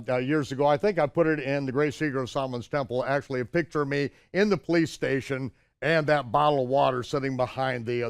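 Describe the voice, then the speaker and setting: An older man recounts his own adventure with lively storytelling energy, his voice sitting a little high for a man. He jumps into the shouted exchanges, pushing his voice higher. The recording is dry and close, with little room sound. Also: smooth, no room sound. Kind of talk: anecdotal storytelling.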